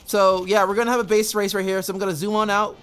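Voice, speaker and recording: A man casting a strategy game match, excitable, often laughing and yelling advice at the players. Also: high-pitched, fast, clear, resonant tone, faint music behind. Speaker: game caster. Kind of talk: esports match commentary.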